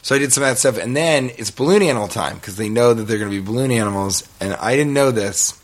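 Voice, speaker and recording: A man's voice: mid-range voice, lively intonation, quick pace. A man co-hosting a podcast, telling a long story in a rambling, profane, self-mocking way. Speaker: podcast co-host. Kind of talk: casual storytelling chat.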